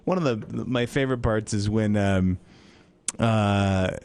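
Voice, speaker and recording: A man co-hosting a radio movie show in casual chat, animated and fond of acting out lines from films. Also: lowish voice, slow, clear, resonant tone, dry recording. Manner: animated, acts out movie lines in bursts of raised voice.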